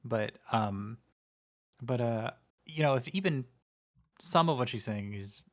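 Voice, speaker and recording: A man's voice: medium pitch, lively intonation, slow pace. A man co-hosting a commentary show in casual talk, tentative and hedging. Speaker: co-host.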